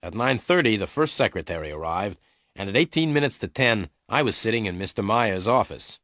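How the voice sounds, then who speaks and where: A man narrating a story for learners in a lowish, expressive voice. He reads slowly and clearly, and the recording is dry and close. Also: dry recording.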